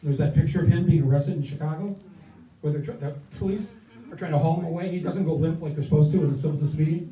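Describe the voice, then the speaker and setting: Older guy fired up at a rally, fairly high voice, echoey room, mic kinda far off. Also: fast, dark tone. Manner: impassioned, rousing, repetitive cadences. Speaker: campaign guest speaker. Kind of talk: stump speech. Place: indoor event space.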